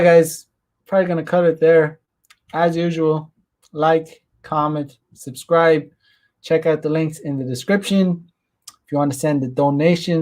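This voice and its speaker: A man's voice: a little high, darkish tone. A man hosting his own show, talking loosely with many fillers and restarts. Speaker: host. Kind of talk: casual solo livestream commentary.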